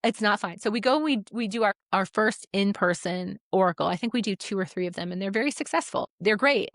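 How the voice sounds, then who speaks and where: A woman's voice: medium pitch, fast talker, no room sound. A podcast co-host, a woman, recounts a falling-out in easygoing conversation. She acts out what each person said. Her voice sits in the middle of the range and sounds dry and close to the mic, with no room sound. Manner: animated retelling, acts out quoted dialogue, swears casually. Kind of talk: casual storytelling chat.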